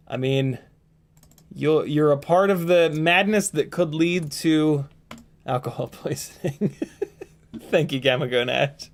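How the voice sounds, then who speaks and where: A fairly high-pitched man hosts a casual live stream from a home setup, joking loosely and rambling through viewer names with ums and throat clearing. His voice sounds tired and strained. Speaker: livestream host.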